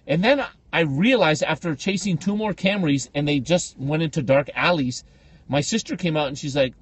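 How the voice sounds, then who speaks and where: A man co-hosting a podcast, telling comic stories in a casual chat and jumping into high squealing voices for the people he quotes. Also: expressive, moderate pace, breathy edge, no room sound. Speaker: podcast co-host. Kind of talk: comedic storytelling chat.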